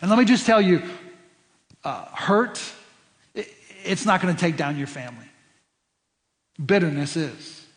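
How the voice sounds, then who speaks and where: A man's voice: sits high, long reverb tail. A man preaching a sermon as pastor, stressing points by repeating words and restarting phrases. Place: church sanctuary.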